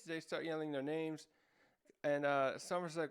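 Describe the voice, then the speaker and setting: A man's voice: a little high, steady tone, clean tone. A man casually recapping a manga chapter as a review host, rambling and searching for words, with lots of fillers. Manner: acts out character lines in quick raised voices.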